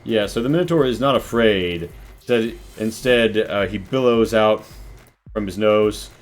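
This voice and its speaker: A man narrating as game master, relaxed and rambling with many fillers. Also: lowish voice, measured pace, faint music behind.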